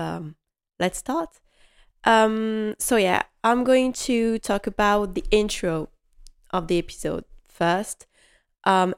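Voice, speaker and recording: Woman podcast host, lowish voice, loose and chatty delivery, fillers and restarts throughout. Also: darkish tone. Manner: rambling and chatty, with frequent ums and restarts. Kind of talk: casual solo podcast chat.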